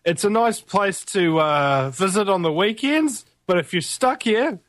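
Young Kiwi guy, higher voice, dry close sound, sarcastic and blunt. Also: animated, a little slow, a bit bright, no room sound. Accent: New Zealand. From New Zealand. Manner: blunt, sarcastic, swears casually. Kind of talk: casual chat.

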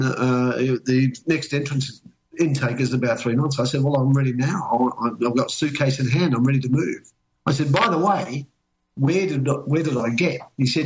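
A man's voice: mid-range voice, low-quality recording. An older man with an Australian accent, chatting casually and telling long, rambling anecdotes full of restarts. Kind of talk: casual chat.

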